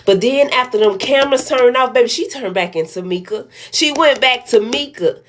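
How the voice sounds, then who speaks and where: A woman's voice: on the high side, normal speed, a bit bright, a little hiss or hum. A woman giving casual reaction commentary in a sassy, storytelling manner, calling the listener "baby".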